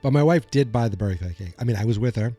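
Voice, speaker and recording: A man's voice: medium pitch, lively intonation, fast talker, warm tone, dry recording, faint music behind. A man in his forties hosting a comedic podcast in a rambling, self-deprecating, mock-dramatic way. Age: 40s. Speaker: podcast host. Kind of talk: comedic solo podcast monologue.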